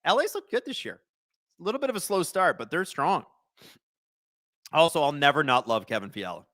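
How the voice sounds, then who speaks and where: A man hosting a live watch-along stream with a bright, somewhat high voice. His pitch swings widely as he jokes and reads viewers' chat. The delivery is excitable and conversational. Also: a little fast. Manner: excitable, joking, chats with viewers.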